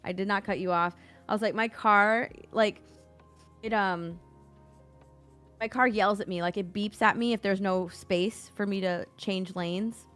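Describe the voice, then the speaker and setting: A woman's voice: mid-range voice, unhurried, soft background music. A woman chatting casually on a stream, telling a story animatedly and acting out what people said. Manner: animated storyteller, acts out quotes. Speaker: stream co-host. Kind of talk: casual chat while painting.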